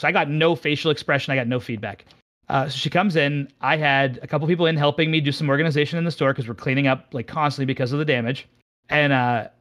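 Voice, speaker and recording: Animated, self-mocking shop-owner man. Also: fairly high pitch. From Pittsburgh area, United States. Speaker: game shop owner, podcast guest. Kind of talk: candid storytelling in casual chat.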